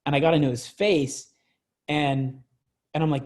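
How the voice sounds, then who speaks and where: A man's voice: mid-range voice, fairly even intonation, normal speed, a little mellow. Rambling young man telling stories. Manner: rambling, many fillers and restarts. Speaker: podcast guest. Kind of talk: casual storytelling.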